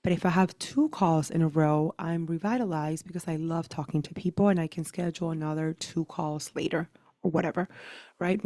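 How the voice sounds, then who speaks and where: Chatty woman coach, low warm voice. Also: brisk, no echo, clean studio sound. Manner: chatty, many "like" and "right?" fillers. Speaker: leadership coach. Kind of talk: casual motivational talk.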